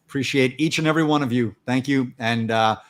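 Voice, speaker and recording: A man hosting a podcast in casual chat over a video call, enthusiastic and warmly thankful toward his guest. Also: mid-range voice, a little fast. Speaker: podcast host.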